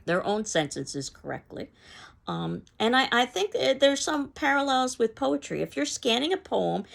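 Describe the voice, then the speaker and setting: Woman teacher, lecture delivery, lowish pitch, a gravelly rasp. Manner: explanatory, measured, with fillers and restarts. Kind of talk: recorded lecture.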